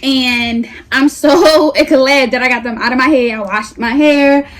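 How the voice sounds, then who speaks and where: A woman's voice: high-pitched, unhurried. Chatty, slangy young woman vlogger. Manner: chatty, slangy, hyped and animated. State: a little out of breath. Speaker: beauty vlogger. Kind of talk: casual hair review vlog.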